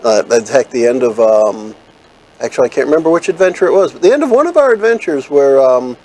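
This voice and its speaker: A man's voice: mid-range voice, big pitch swings, a little mellow, low-quality recording. A man co-hosting a podcast, chatting casually and joking about tabletop games. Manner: chatty, quick with jokes. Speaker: podcast co-host. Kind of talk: casual chat.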